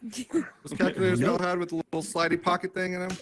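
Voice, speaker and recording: A man in his thirties performing a stand-up set on a comedy club stage, with dry, self-mocking jokes and quick asides to the crowd. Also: high voice, steady tone, slight background noise, low-quality recording. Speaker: stand-up comedian hosting the show.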